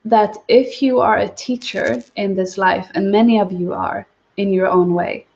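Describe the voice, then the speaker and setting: Gravelly-voiced woman teaching, lo-fi audio. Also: medium pitch, fairly even intonation, measured pace, a little mellow. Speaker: spiritual teacher. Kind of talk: livestreamed teaching talk. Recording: dull lo-fi livestream audio.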